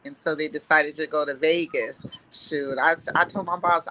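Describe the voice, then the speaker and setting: A woman's voice: low voice, steady tone, normal speed, few pauses, bright, forceful tone, a little hiss or hum, rough recording. A middle-aged woman, a podcast guest who chats openly, laughs often and calls herself emotional. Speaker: guest cast member. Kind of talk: casual chat.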